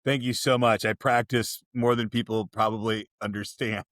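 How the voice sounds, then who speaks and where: A man's voice: lowish voice, flat delivery, normal speed, fairly bright tone, dry recording. Earnest male podcast host, dry sound. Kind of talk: casual interview chat.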